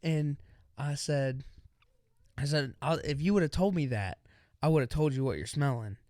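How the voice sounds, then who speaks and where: A young man on a podcast, casually telling a story and slipping into the voices of its characters. His voice sits a little high. The sound is dry and close, with no room around it. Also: moderate pace, no room sound. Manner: animated storyteller acting out quotes. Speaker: podcast co-host.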